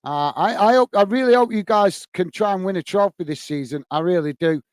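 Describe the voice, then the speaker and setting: English guy doing a casual footy watchalong, bit higher voice, dry close mic. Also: a little fast, no room sound. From England. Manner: casual, chatty, calls viewers mate and guys. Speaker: watchalong host. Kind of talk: live match commentary and chat with viewers.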